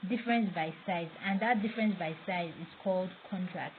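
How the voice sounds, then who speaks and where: A woman's voice: fairly low pitch, brisk. A woman teaching graphic design, explaining step by step as she works on screen. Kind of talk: screen-recorded tutorial. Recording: tinny, phone-like audio with faint noise.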